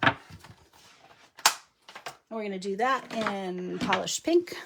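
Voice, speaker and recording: A woman's voice: medium pitch, slow, vocal fry, heavy background noise. Chatty woman demonstrating card making. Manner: chatty, laughs often, talks while working. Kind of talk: live stream craft demo.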